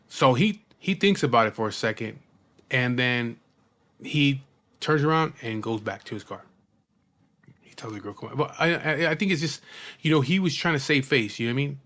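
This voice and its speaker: A man's voice: medium pitch, expressive, normal speed, fairly bright tone. Guy telling a bar story, swears a lot, keeps stumbling over and restarting his words, mid-range voice. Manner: rough, profane, repeats and restarts words. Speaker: biker telling a personal story. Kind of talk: casual spoken storytelling.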